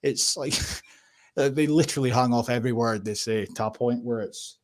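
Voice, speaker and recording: A man's voice: mid-range voice, moderate pace. A Scottish man hosting a casual livestream, rambling and swearing, laughing often as he clicks through tabs. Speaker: livestream host.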